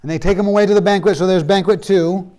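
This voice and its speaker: A man's voice: sits high, steady tone, quick pace, dark tone. A man teaching a Bible history class, telling the story casually and acting out the characters' lines, with students chiming in now and then. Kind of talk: classroom lecture.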